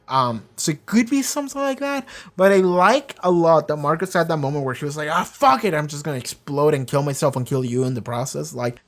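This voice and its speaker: A show reviewer who talks in a casual, rambling way, gets excited and swears a lot while breaking down an episode. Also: medium pitch. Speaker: video reaction reviewer.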